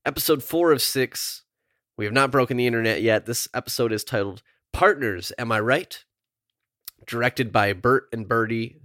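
A man's voice: mid-range voice, fairly bright tone, no echo, studio quality. A man co-hosting a podcast in casual chat, recapping at length with lots of ums. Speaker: podcast co-host.

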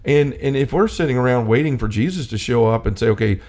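A man co-hosting a casual faith talk, speaking with animated energy and often acting out quotes. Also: mid-range voice, fast. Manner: animated, acts out quotes, many restarts. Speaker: co-host.

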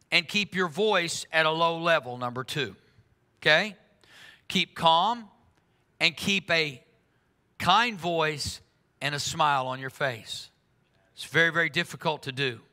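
A man preaching a sermon in an earnest way, slowing down for emphasis and speeding up for asides. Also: a little high, pushed and bright. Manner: earnest, shifts between slow emphatic lines and quick asides. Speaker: pastor. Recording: long reverb of a large hall.

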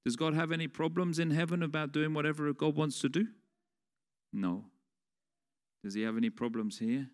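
A man's voice: fairly high pitch, steady tone, normal speed, pauses often. A man preaching a sermon in a conversational way, putting questions to the congregation. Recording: long reverb of a large hall.

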